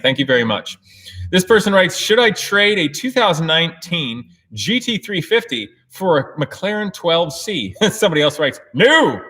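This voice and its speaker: An American man hosting a casual livestream Q&A from an indoor race shop, talking in an energetic, excitable way and laughing often. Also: mid-range voice. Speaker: host.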